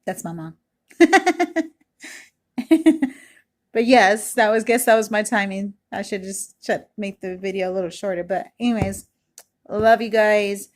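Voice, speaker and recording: A woman's voice: medium pitch, a little slow, pauses often. Woman in her 30s, casual church testimony, earnest, rambling, close mic, home kitchen. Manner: earnest and rambling, full of "you know" and "like". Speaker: churchgoer giving a personal testimony. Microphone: self-recorded video, close mic.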